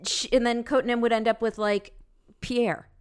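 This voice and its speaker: A woman co-hosting a casual movie review podcast, chatty and excitable, swearing now and then. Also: a little high, normal speed, clean tone. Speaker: podcast co-host.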